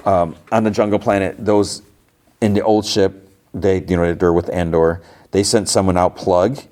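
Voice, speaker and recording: Man, podcast host, very low voice, casual rambling recap, filler-heavy. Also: fairly even intonation, normal speed, mellow.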